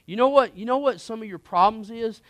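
Speaking a little fast in a slightly high voice, a man preaches a sermon built on his own testimony. His earnest, impassioned delivery slides from hushed confession into emphatic urgency, and the sound is dry and close with no room echo.

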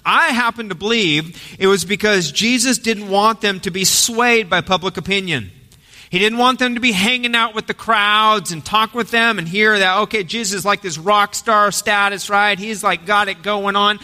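A man preaching a sermon, telling the story in a lively way and acting out the quotes. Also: high voice, normal speed, long reverb tail. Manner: animated storytelling with acted quotes. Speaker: pastor.

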